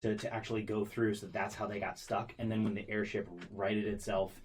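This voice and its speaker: A man's voice: on the low side, little pitch movement, fairly quick, a little hiss or hum, low-quality recording. A man running a tabletop game as game master, describing scenes in a rambling way with many fillers and restarts.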